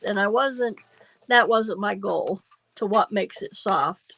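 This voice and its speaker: Older woman in her seventies, slow unhurried talk, rambling craft chat, faint hiss and clicks. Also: mid-range voice, creaky, pushed and bright, rough recording. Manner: rambling, thinking aloud while working. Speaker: crafting livestream host.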